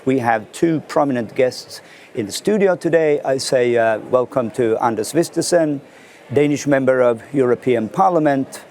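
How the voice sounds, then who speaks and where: A man hosting a formal studio interview, speaking in a measured way with halting fillers. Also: mid-range voice, a little mellow, a little hiss or hum. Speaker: interview host.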